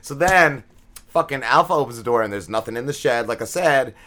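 Bright-voiced man recapping a show, rambling. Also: medium pitch, expressive, fairly quick. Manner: rambling, profane, many fillers and restarts. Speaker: podcast co-host. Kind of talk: casual episode recap.

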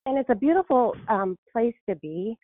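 A woman's voice: fairly high pitch, lively intonation, normal speed. Breathless woman caller on a phone line. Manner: eager, chatty, searches for words. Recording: phone-line call audio.

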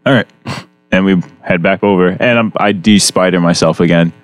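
A young man playing a tabletop game, relaxed and chatty as he describes his character's actions. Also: deep voice, normal speed, soft background music. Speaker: player. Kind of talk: casual tabletop play.

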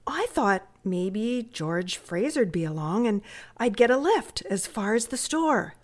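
A woman's voice: medium pitch, big pitch swings, a little slow. A woman voicing a thin, cheerful, selfless young boy in a read-aloud story, in a raised voice. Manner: cheerful, gentle.

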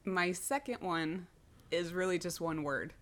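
A woman's voice: on the low side, measured pace, a crowd in the background. A woman contestant on a casual podcast, amused and giggling between answers.

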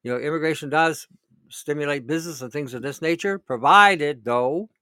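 A man's voice: fairly high pitch, normal speed, sharp tone, clean tone, dry recording, clean studio sound. A middle-aged man, ranting about politics in a sarcastic, indignant way, often laughing and repeating himself. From Canada. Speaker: vlogger. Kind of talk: political rant.

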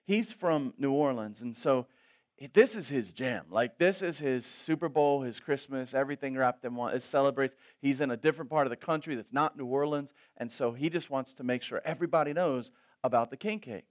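A man preaching a sermon, telling an anecdote in an animated way and acting out the voices in his stories. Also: mid-range voice, brisk. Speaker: pastor. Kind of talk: sermon storytelling.

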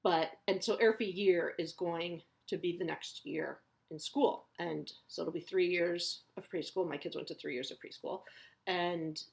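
Woman, 30s, podcast host: casual, frank, salty talk, lower register. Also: steady tone, measured pace, gravelly. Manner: chatty, candid, swears freely. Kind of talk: casual personal chat.

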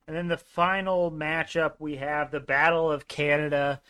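Podcast guy, kinda higher voice, chill and hesitant, lots of ums. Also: little pitch movement, normal speed, pushed and bright, clean tone. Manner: laid-back, hesitant with many ums. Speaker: podcast co-host. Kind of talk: casual sports betting chat.

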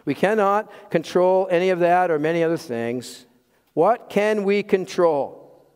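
A man preaching a sermon as pastor, swinging from loud emphasis to hushed asides and chuckling at his own jokes. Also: high voice, a little slow, smooth. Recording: long hall reverb.

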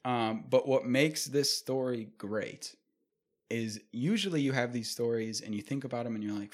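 A young man telling a comedic story and ranting, profane and animated, often laughing. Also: medium pitch, normal speed.

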